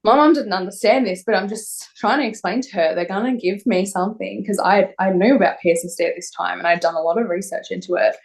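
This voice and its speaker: A young woman telling a personal story in an interview, halting and emotional with many fillers. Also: mid-range voice. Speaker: interview guest.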